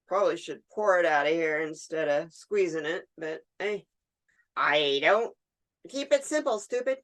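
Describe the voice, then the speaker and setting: A woman hosting a resin art tutorial, chatting casually and talking to herself as she works. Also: lowish voice. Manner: chatty, talks to herself while working, laughs easily. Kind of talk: casual hands-on demonstration.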